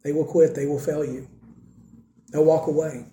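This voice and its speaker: A man's voice: on the high side, little pitch movement, normal speed, mellow, roomy sound, a little hiss or hum. A man preaching a sermon in an earnest, conversational way with rising emphasis.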